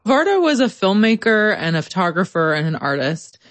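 A woman's voice: medium pitch, very animated, fairly quick, dry recording. Woman reporter narrating a radio story. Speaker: contributing editor, reporter.

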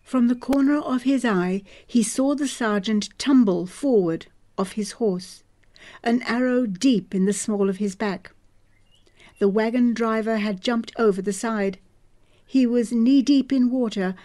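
A woman narrating a novel as an audiobook in a measured, even storytelling manner. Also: fairly high pitch.

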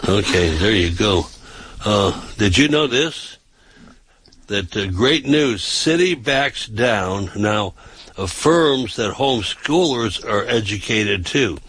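A man hosting a talk show, making announcements and reading news aloud with casual asides, often pausing on filler sounds and restarting his sentences. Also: fairly low pitch, lively intonation, fairly bright tone, breathy edge, low-quality recording. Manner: halting, with frequent uh fillers and restarts.

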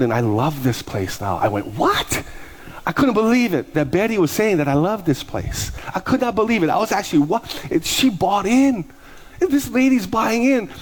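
A middle-aged male pastor preaching a sermon, telling stories and acting out the voices of people in them. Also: medium pitch. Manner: animated, acts out dialogue in quoted voices. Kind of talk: sermon with storytelling.

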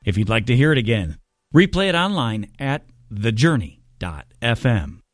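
A male announcer reading a scripted promotional message in a smooth, promotional way. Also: mid-range voice, big pitch swings, normal speed, no room sound, clean studio sound. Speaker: radio announcer. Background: faint music.

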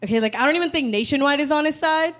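A woman's voice: sits high, racing, slight background noise. Sardonic woman doing stand-up. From United States. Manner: sardonic, political jokes. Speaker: stand-up comedian. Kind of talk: stand-up comedy set.

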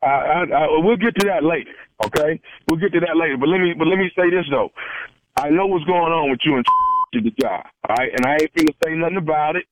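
A man's voice: fairly high pitch, quick pace, a little hiss or hum. A man making a prank phone call, pushy and stifling laughs as he talks. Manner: pushy, laughs under his breath. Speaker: prank caller.

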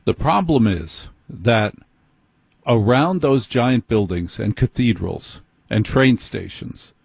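Slow husky-voiced male host. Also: mid-range voice, lively intonation, no room sound. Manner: measured, emphatic, lists things one by one. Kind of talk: slow deliberate monologue.

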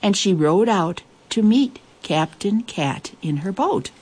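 A woman reading a children's story aloud in a lively, expressive way, with playful asides. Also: mid-range voice, takes it slowly, husky.

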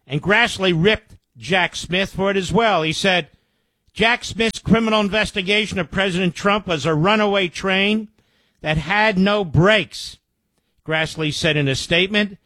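Male talk host, high-pitched, sarcastic, indignant commentary, dry studio sound. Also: measured pace, sharp tone, no echo. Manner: indignant, sarcastic asides between quoted reports. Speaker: radio show host. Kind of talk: political commentary, reading news aloud.

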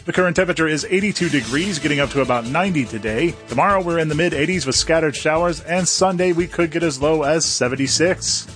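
A man giving a scripted traffic and weather report on the radio, steady and informative. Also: a little high, fast talker, few pauses, faint music behind.

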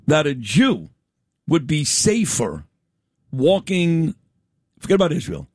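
A man's voice: on the high side, no room sound, studio quality. A middle-aged man hosting an interview show, talking emphatically and telling stories with lots of energy. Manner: emphatic and animated, storytelling. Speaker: talk show host. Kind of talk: conversational interview.

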